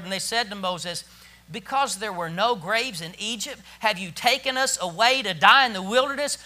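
Male pastor, very high sharp voice, dynamic sermon delivery. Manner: preaching with big swings from hushed to shouted. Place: church.

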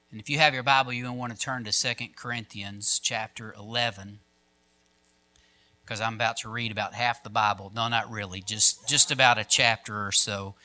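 A man's voice: lowish voice, bright, forceful tone. A man preaching to his church, reading scripture aloud and speaking directly to the congregation. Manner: reads scripture aloud with rising intensity. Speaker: pastor.

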